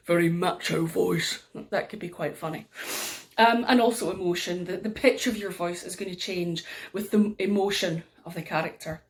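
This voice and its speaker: A woman with an Aberdeen Scottish accent gives a storytelling workshop. Her delivery is lively, with big swings in pitch and loudness as she demonstrates voices. Her speech is casual and full of ums. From Aberdeen, Scotland. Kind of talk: instructional workshop talk.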